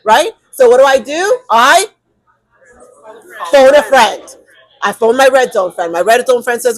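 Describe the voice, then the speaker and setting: A woman co-hosting a podcast, talking emphatically and acting out quick inner monologues. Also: on the high side, animated, dry recording, poor audio. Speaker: co-host. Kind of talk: animated podcast conversation.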